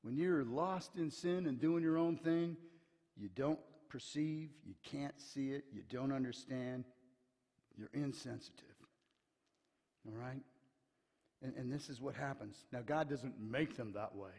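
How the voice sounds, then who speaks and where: Pastor preaching in a reverberant sanctuary. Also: male voice, medium pitch, measured pace. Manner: lively storyteller who acts out quotes, often dropping to a hushed tone for emphasis. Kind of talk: sermon. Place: church sanctuary. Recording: long hall reverb.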